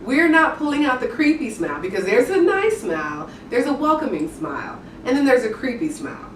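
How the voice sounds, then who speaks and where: A woman's voice: high-pitched, very animated, brisk, a little hiss or hum. A young adult woman giving image tips to camera in an upbeat, candid, chatty way. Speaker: image consultant. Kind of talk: direct-to-camera tips video. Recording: echoey room, voice from a distance.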